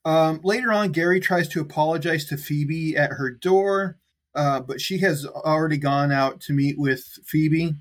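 Recapping a film as a podcast co-host in a casual chat, a man rambles along, leaning on lots of "like" and "um" fillers and laughing easily. His voice is a little high and a little slow.

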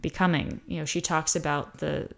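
Woman, American accent, casual explanatory monologue, animated, slightly low voice. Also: normal speed, vocal fry. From United States. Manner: animated, acts out quoted voices with pitch jumps. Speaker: host talking about high sensitivity.

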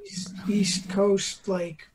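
A young man, a beat producer, explaining his process in casual chat, rambling and filling every pause with "like". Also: high-pitched, flat delivery, a loud crowd. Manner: rambling, filler-heavy, says "like" constantly.

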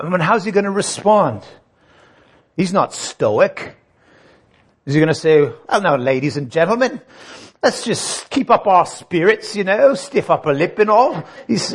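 A man's voice: high voice, husky. A man preaching a sermon, earnest, asking rhetorical questions and building to emphatic points.

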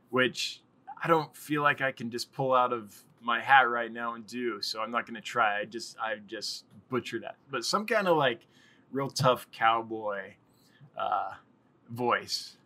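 A man's voice: mid-range voice, takes it slowly, sharp tone. A man hosting a casual live stream, rambling and chatting with viewers and laughing often.

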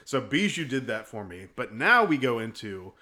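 A man with a bright, forward voice talks through a movie in a loose, casual conversation. He retells scenes with lively energy and slips into the characters as he goes. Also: mid-range voice, moderate pace. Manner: animated storytelling, acts out scenes. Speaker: podcast co-host. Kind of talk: casual film discussion.

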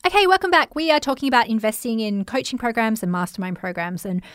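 A woman's voice: fairly high pitch, quick pace. Chatty Australian woman podcast host. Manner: chatty, animated, acts out quoted voices. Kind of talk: casual storytelling monologue.

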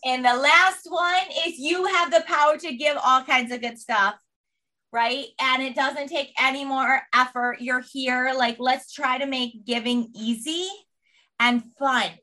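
A high, bright woman's voice leads the class, encouraging and upbeat as she cues stretches and breathing. She takes her time between cues, and her voice carries from a little way off the mic. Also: steady tone, unhurried, distant mic. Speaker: fitness class instructor. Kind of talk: guided movement and mindfulness class.

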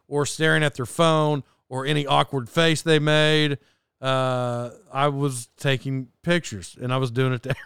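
Man, casual podcast storyteller: rambling, self-doubting, lots of restarts and chuckles; somewhat high, smooth voice. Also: a bit bright, no echo, clean studio sound.

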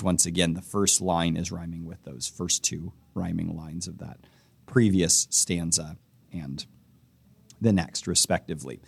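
A man's voice: deep voice, gravelly, dry recording. A man hosting a podcast, reading a poem aloud and then talking through its form in a thoughtful way, with frequent ums and uhs. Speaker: podcast host. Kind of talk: poetry reading and analysis.

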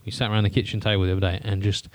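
A man co-hosting a podcast in quick, chatty casual conversation. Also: on the low side, level tone, no echo. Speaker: podcast co-host. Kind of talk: casual chat.

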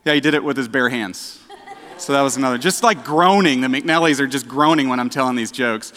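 A man preaching a casual sermon, chatty and self-deprecating, with halting restarts and dad jokes. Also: medium pitch, fairly bright tone. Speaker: director of outreach, preaching. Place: church sanctuary. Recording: echoey church hall.

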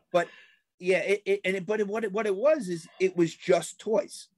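A man telling a story to friends in casual chat, animated and acting out loud outbursts. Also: high-pitched.

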